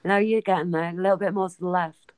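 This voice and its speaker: A woman's voice: on the low side, fairly even intonation, a little mellow, smooth, dry recording. A woman with a Liverpool Scouse accent, chatting casually and teasing friends on a video call. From Liverpool, England. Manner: chatty, teasing, quick to laugh.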